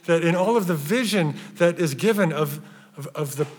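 A man delivers a sermon in a somewhat raised voice, pressing hard on key phrases before falling to a hushed near-whisper. His words ring out with a long reverb, as in a large church hall. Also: on the high side, expressive, moderate pace, breathy edge. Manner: emphatic, swings from loud stresses to hushed near-whispers. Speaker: pastor.

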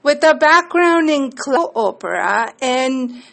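A woman's voice: high-pitched, expressive, a little slow, gravelly, a bit bright. A woman hosting a radio interview show, introducing her guest with effusive enthusiasm.

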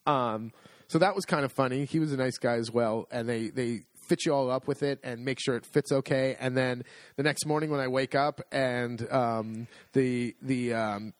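A man's voice: mid-range voice, normal speed, no echo. A middle-aged man telling a story in casual chat, acting out the dialogue and laughing as he goes. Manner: animated, acts out dialogue, laughs often.

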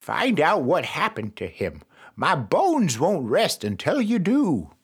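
A game reader putting on a low, slow, grave voice for an old grandfather speaking from his deathbed. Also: wildly swooping pitch, slightly rough, heavily acted. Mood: pleading.

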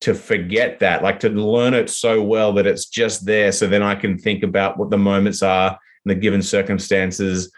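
Man, Australian accent, low voice, rambling with fillers, casual interview. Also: level tone, normal speed, hardly any pauses. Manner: rambling, lots of fillers and restarts. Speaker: actor guest.

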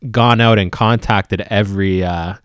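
Man, low voice, casual explaining, uh fillers, dry mic. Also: steady tone, a little slow, dry recording. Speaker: football podcast co-host. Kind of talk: casual podcast discussion.

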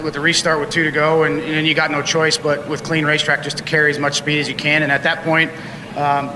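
A man's voice: fairly high pitch, big-room sound, background noise. A man interviewed at the track after winning a race, talking in a rambling way full of fillers. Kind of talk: post-race victory interview. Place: outdoor racetrack.

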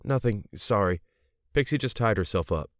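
A nervous young man pleading for news of his fiancée, as a male narrator voices him. He sounds hurried and anxious, a little higher than the narrator's deep voice, recorded dry and close. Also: lively intonation, no echo, natural voice.

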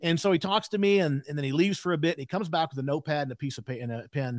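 Fast-talking man in his sixties. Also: fairly high pitch, no room sound, clean studio sound. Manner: fast, emphatic storyteller with frequent asides. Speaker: podcast guest. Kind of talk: candid storytelling interview.

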